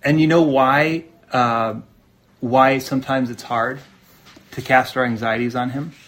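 A man's voice: mid-range voice, steady tone, a little slow, a bit bright. A man preaching a sermon in an earnest, conversational way, often asking his listeners rhetorical questions. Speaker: pastor.

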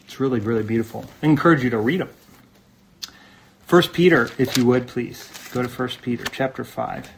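A man's voice: medium pitch, brisk, creaky, a little hiss or hum. A man preaching a sermon in an earnest, conversational way, often asking his listeners rhetorical questions. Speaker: pastor.

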